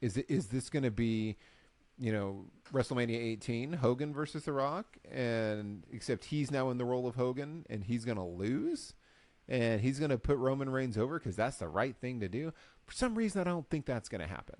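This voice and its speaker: A man co-hosting a casual recap show, telling the story with lively acted-out quotes. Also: medium pitch, normal speed, dry recording. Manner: animated storyteller, acts out quotes. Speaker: podcast co-host. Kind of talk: casual chat.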